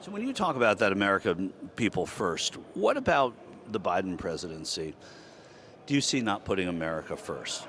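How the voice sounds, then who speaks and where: A male interviewer with a low voice that swings widely in pitch, asking probing questions at a rally. Faint outdoor noise sits behind him. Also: big pitch swings, brisk, fairly bright tone.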